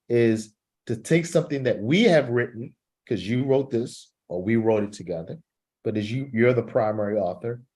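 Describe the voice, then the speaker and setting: Encouraging male teacher coaching reading aloud. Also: darkish tone. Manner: models sentences with strong rises in pitch for emphasis; encouraging, checks in with "right?" and "okay?". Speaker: English teacher.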